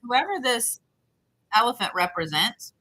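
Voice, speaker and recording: A woman's voice: on the high side, big pitch swings, a little slow, pushed and bright, husky, rough recording. A woman giving intuitive readings to viewers on a live stream, talking in a rambling, repetitive, chatty way. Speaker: psychic reader.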